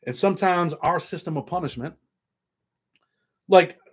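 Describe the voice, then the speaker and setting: A man's voice: on the high side, unhurried, slightly rough. A man hosting a casual livestream, rambling and swearing while reading viewer comments aloud. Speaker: show host.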